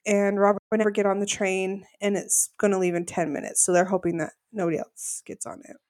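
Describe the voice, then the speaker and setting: A woman's voice: medium pitch, a little fast, no room sound. Chatty woman podcast co-host, dry sound. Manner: chatty, acts out quotes in animated voices. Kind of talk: casual recap chat.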